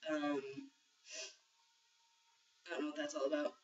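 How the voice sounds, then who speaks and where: A young trans man vlogger speaks in a fairly high, completely flat voice at an unhurried pace, rambling casually through his transition video diary with lots of ums and the odd swear word. The built-in camera mic picks him up from a distance, giving muffled lo-fi audio with a little hiss or hum.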